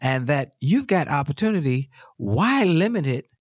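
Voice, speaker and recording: Male motivational guest, lively sing-song delivery, emphatic and exhorting, dry slightly muffled sound. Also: fairly high pitch, moderate pace, dry recording. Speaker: guest speaker. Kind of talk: preacherly motivational storytelling.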